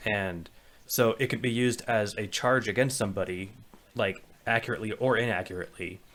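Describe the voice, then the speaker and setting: A man's voice: lowish voice, steady tone, fairly quick, a bit bright. A man co-hosting a podcast, speaking casually and thoughtfully in a conversational way. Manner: conversational, reflective, hedging with fillers. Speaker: podcast co-host.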